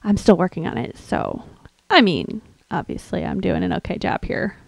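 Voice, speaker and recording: A woman's voice: on the low side, expressive, normal speed, creaky, breathy edge, no room sound, rough recording. A woman hosting a music livestream, chatting casually and rambling between songs with a tired voice. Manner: chatty, rambling, soft and laughing.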